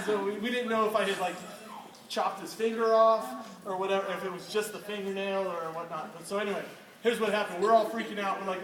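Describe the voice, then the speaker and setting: A young man preaching to a youth group, telling a lively story with laughter and questions for the listeners. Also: sits high, quick pace. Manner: animated, laughing storyteller who quizzes listeners. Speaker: youth pastor. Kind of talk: storytelling sermon. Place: hall with a live audience. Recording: roomy, distant, noisy room recording.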